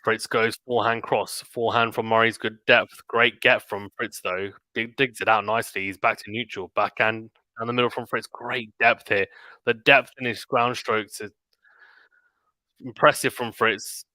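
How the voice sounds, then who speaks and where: A man giving live play-by-play tennis commentary on a stream, calling the shots quickly and dropping into quiet chatty asides between points. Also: lowish voice, fairly even intonation, dry recording. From Britain. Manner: rapid calls of the rally mixed with quiet chatty asides.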